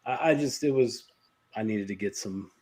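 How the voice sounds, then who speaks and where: A man's voice: lowish voice, moderate pace, darkish tone. A man who owns a beard care company, talking casually as a podcast guest and laughing between his thoughts.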